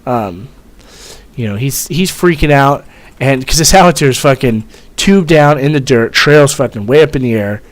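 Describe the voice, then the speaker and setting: A young man at an ordinary middle pitch tells a story to his viewers in a loose, rambling way. He swears freely and fills the gaps with ums and restarts. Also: animated, normal speed. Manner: profane, rambling, with many fillers. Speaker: vlogger telling a military story. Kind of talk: casual storytelling.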